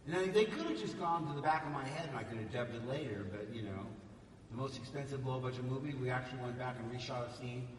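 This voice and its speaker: A man tells stories on stage to a live audience in a fairly high, very animated voice and slips into the voices of other people. He sounds far from the microphone in a big, roomy hall with a long echo. Steady background noise runs underneath. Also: quick pace, crowd noise. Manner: lively, acts out voices of others. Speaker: actor telling stories to an audience.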